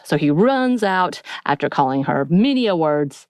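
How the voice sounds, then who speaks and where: A woman's voice: deep voice, brisk, hardly any pauses, a little mellow, no echo, clean studio sound. A woman co-hosting a podcast, casually recapping a TV episode in a rambling, storytelling way with filler words. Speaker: podcast co-host.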